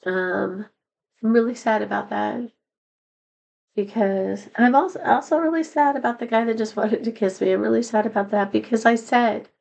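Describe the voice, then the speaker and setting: A woman's voice: fairly high pitch, moderate pace, creaky, darkish tone, low-quality recording. A middle-aged woman talking to the camera in a rambling, confessional vlog, sad and candid, her voice a little worn after being sick. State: voice not at full strength after being sick. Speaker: vlogger. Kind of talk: personal vlog monologue.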